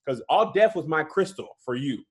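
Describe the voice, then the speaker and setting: A comedian chatting casually as a guest over a video call, with a voice that rises and falls a lot. He talks in an easy, conversational way and keeps checking in with the listener. His voice sits a bit high for a man. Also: moderate pace. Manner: relaxed, conversational, leans on "right?" and "you know what I'm saying". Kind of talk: casual interview chat.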